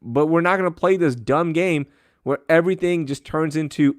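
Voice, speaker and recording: Animated ranting man, dry close mic. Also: a little high, normal speed, no room sound. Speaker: podcast co-host. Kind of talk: casual chat.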